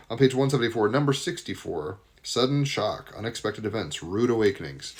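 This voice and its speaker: A man's voice: sits low, quick pace. A man giving a live daily tarot and astrology reading, talking loosely and enthusiastically with rambling asides.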